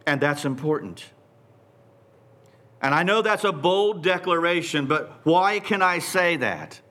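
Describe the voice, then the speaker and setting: A man preaching a sermon in a deliberate, emphatic way, repeating phrases for stress. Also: a little high, lively intonation, sharp tone.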